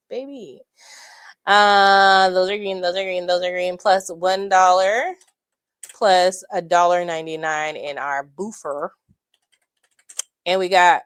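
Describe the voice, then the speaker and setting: A woman chatting casually through her budget, animated and addressing viewers as y'all, on a clip-on mic. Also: medium pitch, no room sound. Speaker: budgeting vlogger.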